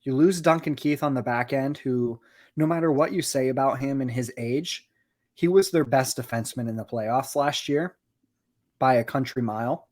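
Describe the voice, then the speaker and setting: A man co-hosting a podcast, giving steady, analytical hockey talk with frequent "you know"s. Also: medium pitch, moderate pace. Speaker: podcast co-host. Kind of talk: casual hockey chat.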